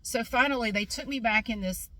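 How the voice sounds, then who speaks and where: A woman's voice: fairly high pitch, brisk, fairly bright tone. A woman telling a personal story on her vlog, blunt and indignant, repeating herself for emphasis. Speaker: vlogger.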